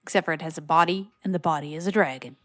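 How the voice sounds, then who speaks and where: A woman's voice: deep voice, racing, fairly bright tone, no room sound, studio quality. A woman co-hosting a podcast, reading out card details and explaining background lore in casual chat. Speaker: podcast co-host.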